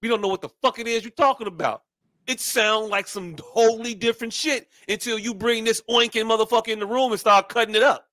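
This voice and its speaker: Male podcast co-host, high-pitched, animated and profane, dry close mic. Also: a little fast, no room sound. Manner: animated, profane, mocking put-on voices. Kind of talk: casual podcast chat.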